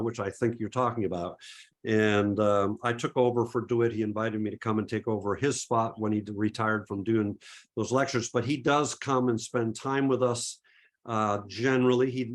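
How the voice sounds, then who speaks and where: A middle-aged man from Massachusetts with no regional accent and a medium-pitched voice. He answers audience questions in an easygoing, chatty way. He often stops and restarts his sentences and leans on fillers. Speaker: photography presenter. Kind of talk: webinar Q&A.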